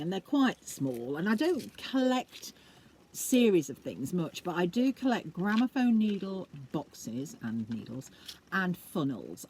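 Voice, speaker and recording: A woman rambling chattily to camera, with a husky voice and frequent fillers. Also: sits low, a little mellow, slight background noise. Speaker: vlogger and collector. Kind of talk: casual chat.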